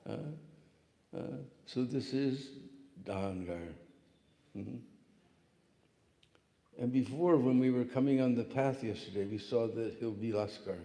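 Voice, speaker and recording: A man tells a devotional story as a spiritual lecturer, animated and often pausing for a quick "hmm?". His voice is mellow and sits in the middle of the male range. The recording has the long reverb of a big hall. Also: medium pitch. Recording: echoey hall.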